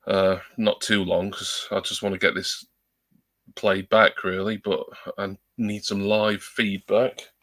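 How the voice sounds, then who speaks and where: Rambling man with a bright voice. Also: fairly low pitch, little pitch movement, slow. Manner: rambling, chatty, self-deprecating, many ums. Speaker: livestreamer. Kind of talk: casual live-stream chat. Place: at home at a computer. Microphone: new desktop USB microphone.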